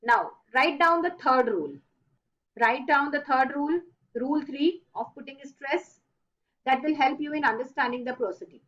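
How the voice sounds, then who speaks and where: A woman teaching an online class, repeating rules slowly and stressing key words. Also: high voice, a bit bright, highs cut off. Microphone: online video call.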